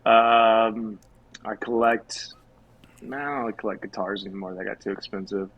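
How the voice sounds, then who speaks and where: A man's voice: fairly low pitch, steady tone, moderate pace, lo-fi sound. A man from Texas, a singer-songwriter guest on a podcast, talking casually, swearing easily and telling jokes. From Houston, Texas. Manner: laid-back, swears casually, tells jokes.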